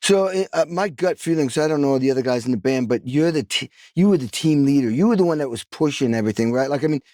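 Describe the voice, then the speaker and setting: A man's voice: mid-range voice, expressive, fast, mellow, no room sound. Drummer guy hosting a podcast, pumped-up rambling questions, dry room. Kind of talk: casual interview chat.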